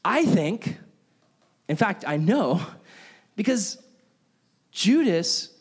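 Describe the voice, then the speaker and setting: High-voiced pastor telling stories animatedly. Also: male voice, drawn-out words, breathy edge. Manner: animated storytelling, acts out characters. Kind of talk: sermon.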